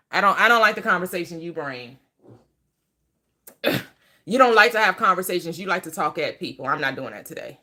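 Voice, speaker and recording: A woman's voice: fairly low pitch, lively intonation, normal speed, pauses often, sharp tone. A woman hosting a casual live stream, blunt and laughing as she talks back to her chat.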